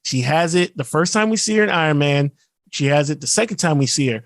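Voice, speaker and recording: A man co-hosting a podcast, ranting in casual chat and mimicking actors in quick asides. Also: on the high side, lively intonation, no room sound, clean studio sound. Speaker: podcast co-host.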